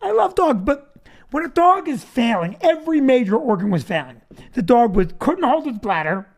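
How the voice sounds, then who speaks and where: Guy comedian hosting, high voice bouncing all over, cracks himself up telling stories. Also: moderate pace. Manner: animated, laughs through his own jokes. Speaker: comedian host. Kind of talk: comedic storytelling.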